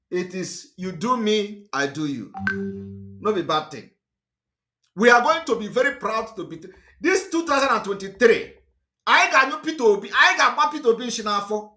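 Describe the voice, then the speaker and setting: A man's voice: high-pitched, very animated, moderate pace, long pauses, pushed and bright. A man with a Nigerian accent gives a fiery, repetitive, emphatic political monologue as a livestream host.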